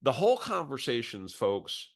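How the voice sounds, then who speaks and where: A man's voice: mid-range voice, wildly swooping pitch, moderate pace. A middle-aged man coaching real estate agents in a webinar, talking conversationally and restarting his phrases as he tells a story. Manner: conversational, repeats words as he restarts. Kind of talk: webinar coaching talk with anecdote.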